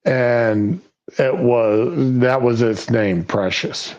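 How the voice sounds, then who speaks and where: A man's voice: mid-range voice, lively intonation, takes it slowly, a little mellow, dull audio. A man hosting a livestream show, chatting casually about politics in a folksy way and asking and answering his own questions.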